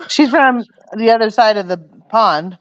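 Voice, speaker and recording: A woman's voice: fairly high pitch, measured pace, no room sound. A woman hosting her livestream in casual chat, telling rambling, meandering stories. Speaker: livestream host. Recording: dull, dry muffled stream audio.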